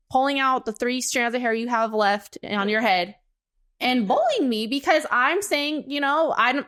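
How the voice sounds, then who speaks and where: A woman's voice: a little high, fairly bright tone, no echo, clean studio sound. A young American woman co-hosting a podcast, ranting casually in a blunt, emphatic way and swearing freely. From United States. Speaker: podcast co-host.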